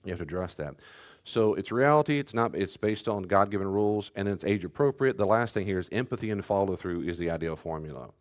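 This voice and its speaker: A man's voice: deep voice, lively intonation, quick pace. A middle-aged man, a pastor, teaching a church class in a conversational way, repeating his key points and restarting sentences as he goes.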